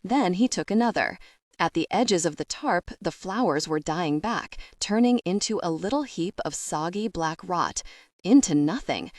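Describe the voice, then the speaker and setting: A woman narrating a first-person audiobook in a measured, expressive way. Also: lowish voice, no room sound, studio quality.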